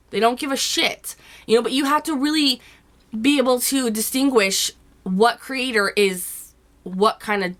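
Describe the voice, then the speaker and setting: A woman with a cold-roughened, hoarse voice, giving blunt, chatty advice to her viewers in a casual vlog. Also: on the high side, fairly bright tone. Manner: blunt, chatty, with frequent "you know" and casual swearing. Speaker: YouTube vlogger. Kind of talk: casual advice chat to camera.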